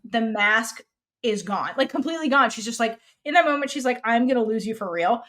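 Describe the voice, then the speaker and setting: Woman podcast co-host, fairly high pitch, animated casual recap. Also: a little fast. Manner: animated, swears freely, acts out characters' lines.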